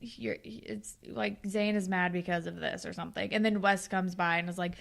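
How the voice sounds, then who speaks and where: A young woman co-hosting a podcast, casually recapping a TV episode and acting out the characters' lines in quick impressions. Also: medium pitch, gravelly. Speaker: podcast co-host.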